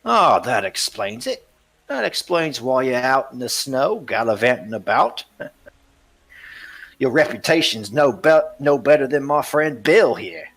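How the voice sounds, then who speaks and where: A man voicing a rough, scheming male river smuggler leader with a cocky, wheedling manner. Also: mid-range voice, sing-song, unhurried, fairly bright tone, pitched above the performer's own voice, full character voice. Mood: mocking.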